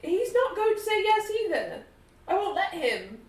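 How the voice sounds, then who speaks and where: A woman's voice: very high-pitched, very animated, normal speed. A woman playing a tabletop game, speaking in a dry, wry way. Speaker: player. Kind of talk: tabletop role-play. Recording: roomy, far from mic.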